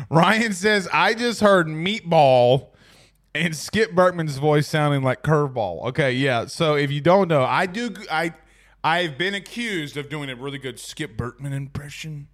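A man's voice: on the high side, expressive, slow, fairly bright tone. A man hosting a casual sports talk stream, chatting loosely as he reads out viewer comments. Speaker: sports talk show host.

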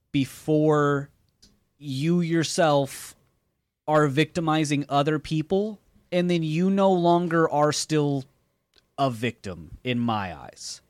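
A man's voice: fairly high pitch, no room sound. A man co-hosting a podcast in casual chat, blunt, opinionated and swearing freely. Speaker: podcast co-host.

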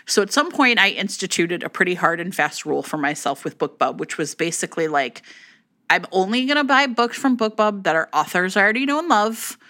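A woman co-hosting a casual chat podcast, retelling a book's plot in an animated, chatty way. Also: mid-range voice, fairly quick. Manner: chatty, animated storytelling with acted quotes. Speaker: podcast co-host. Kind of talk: casual chat about romance novels.

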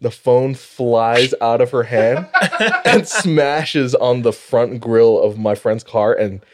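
A man's voice: mid-range voice, lively intonation, takes it slowly, background noise. A man co-hosting a podcast, telling stories in casual chat and laughing often. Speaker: podcast co-host.

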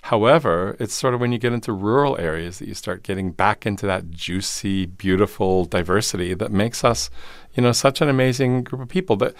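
A male professor speaking as an interview guest in a studio, with expansive, animated explanations. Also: fairly low pitch, brisk, dry recording. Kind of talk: conversational interview.

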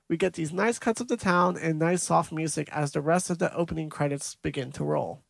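A young man chatting on a movie review podcast, retelling scenes step by step. His voice sits a bit high with a gravelly edge, and the recording is dry and close. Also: a little fast, no room sound. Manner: recaps scenes in detail, laughs easily. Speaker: podcast co-host. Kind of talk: casual movie review chat.

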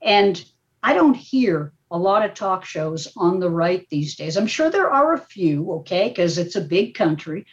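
An older woman, a media professor, talking as a podcast guest in an animated, emphatic way that often ends points with a quick "okay?". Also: lowish voice. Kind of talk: casual podcast talk. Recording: dull, muffled audio.

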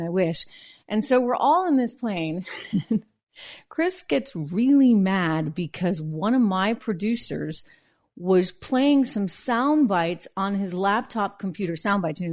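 Lady host, chatty and lively, spills stories fast, laughs a lot. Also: mid-range voice. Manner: chatty, animated storytelling with laughs. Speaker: political commentary host. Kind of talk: casual news commentary.

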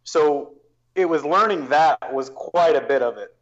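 A man's voice: fairly high pitch, measured pace, dull audio. A man talking as a guest on a casual podcast, explaining his planning at length with frequent restarts and fillers.

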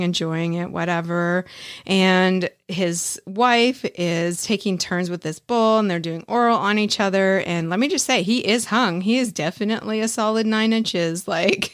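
A woman's voice: mid-range voice, dry recording, clean studio sound. Blunt, laughing woman podcast host. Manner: candid and blunt, swears freely, laughs often. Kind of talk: casual solo review chat.

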